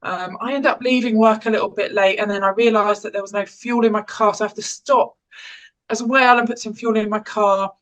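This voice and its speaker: A woman's voice: mid-range voice, fairly even intonation, brisk, rough recording. An English woman in her forties speaks in an easy, conversational way, giving practical well-being advice. She restarts phrases often and slips in small laughs. Her voice sits in a middle range. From England. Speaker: educational psychologist and parent caregiver. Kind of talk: informal talk on well-being.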